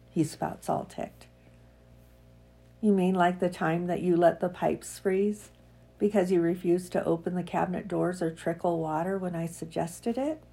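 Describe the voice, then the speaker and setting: Croaky, low-voiced woman podcast host. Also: moderate pace, warm tone, faint music behind. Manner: chatty and self-mocking, reads with emphatic feeling. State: croaky from a cold. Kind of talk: casual chat, then reading a piece aloud.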